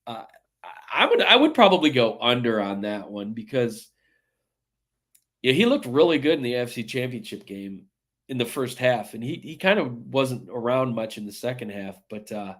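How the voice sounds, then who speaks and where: A man's voice: mid-range voice, very animated, normal speed, a bit bright. A man co-hosting a sports betting podcast, talking casually in a rambling, jokey way with many restarts. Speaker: podcast co-host.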